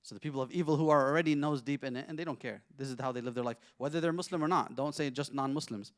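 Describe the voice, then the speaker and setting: Speaking briskly at an ordinary middle pitch, a man teaches an interactive Quran class, keeping it conversational by posing questions to his listeners and moving rapidly through Arabic verses. The studio sound is clean, with no echo.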